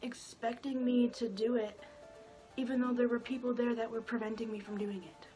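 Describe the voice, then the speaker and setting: A woman's voice: a little high, flat delivery, moderate pace, mellow, faint music behind, poor audio. A woman in her twenties telling a personal story in a casual, rambling way with lots of filler words. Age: 20s. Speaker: vlogger.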